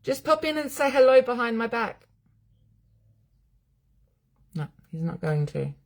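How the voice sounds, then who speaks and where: A woman's voice: on the high side, sing-song, measured pace. Blunt, swearing Australian woman chatting live. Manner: blunt, chatty, swears freely, reads and answers viewer comments. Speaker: psychic medium hosting a live reading stream. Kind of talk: casual live-stream chat.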